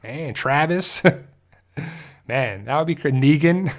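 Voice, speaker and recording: Man, fan show host, chatty, laughs a lot, slightly high pitched, casual livestream chat. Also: expressive, very slow. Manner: chatty, laughs often, trails off and restarts. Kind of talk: casual livestream chat reading viewer comments.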